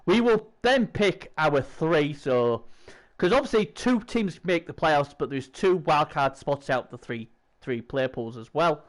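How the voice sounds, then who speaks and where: A man's voice: fairly high pitch, lively intonation, measured pace. A man, hosting a stream in rambling, chatty banter. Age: 40s. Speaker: stream host. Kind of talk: casual chat.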